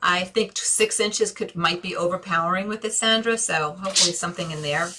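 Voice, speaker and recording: This New York-accented woman, an interior design host, talks through viewer questions on a live stream with effusive, think-aloud energy. Her voice is lowish and fairly quick, and there's background noise.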